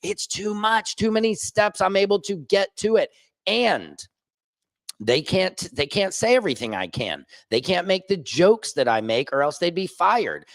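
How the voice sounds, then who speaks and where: A man vlogging as an independent journalist, ranting casually and joking, swinging between high excited bursts and low mutters. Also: no echo. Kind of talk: casual vlog rant. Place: rooftop.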